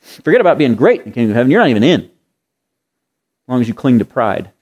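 A male preacher in mid-sermon, his voice at an ordinary middle pitch. He talks earnestly and keeps asking the listeners rhetorical questions. He repeats key phrases to drive them home. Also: sing-song, fast, a little mellow, lo-fi sound.

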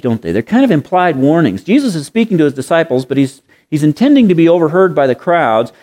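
A man's voice: on the high side, a little mellow. A man preaching a sermon in an earnest way, piling up rhetorical questions and repeating phrases for emphasis.

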